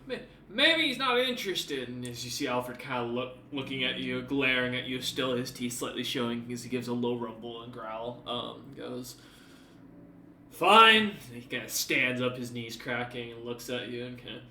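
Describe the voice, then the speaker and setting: Rambling game master, echoey room. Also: male voice, mid-range voice, monotone, normal speed, hardly any pauses, sharp tone, a little hiss or hum. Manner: rambling, full of fillers. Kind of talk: narrating a tabletop game. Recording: roomy, distant mic.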